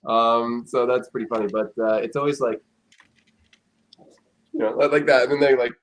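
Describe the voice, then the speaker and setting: A man chatting casually as a guest on a stream, relaxed and easygoing. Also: medium pitch, moderate pace. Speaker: guest, former competition contestant. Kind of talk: casual chat on a live stream.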